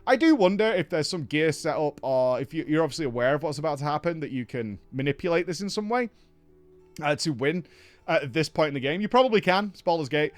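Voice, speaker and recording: A man hosting a casual game recap, telling the story with animated energy and acting out lines in other voices. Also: fairly high pitch, fast, dry recording, soft background music. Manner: animated storyteller who acts out quoted lines. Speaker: host.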